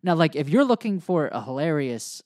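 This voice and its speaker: A man's voice: fairly high pitch, sing-song, moderate pace, darkish tone, no echo, studio quality. An American man co-hosting a podcast, chatting in an easygoing, agreeable way. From United States. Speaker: podcast co-host. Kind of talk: casual chat.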